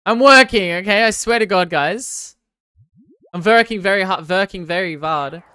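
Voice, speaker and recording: Reading viewer comments on her live stream, this young Australian woman from Victoria jokes around sarcastically and lets out loud bursts of protest. Her voice is medium in pitch with a clean tone and a moderate pace, recorded dry with clean studio sound.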